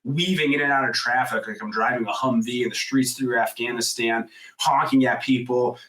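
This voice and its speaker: A man in his thirties, a guest on a podcast, tells a story in loose, casual talk. He says "like" constantly, swears freely, and gets loud when he acts out what people said. His voice sits a little back from the microphone. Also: mid-range voice, normal speed, far from the mic, rough recording. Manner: animated storyteller, acts out quoted voices loudly; frequent "like" fillers, swears casually.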